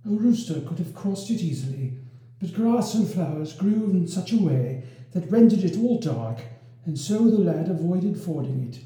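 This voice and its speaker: Brief: expressive male narrator, very animated, roomy echoing room. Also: high-pitched, moderate pace. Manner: expressive, lively storytelling. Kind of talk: storybook reading of a medieval romance. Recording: roomy echo.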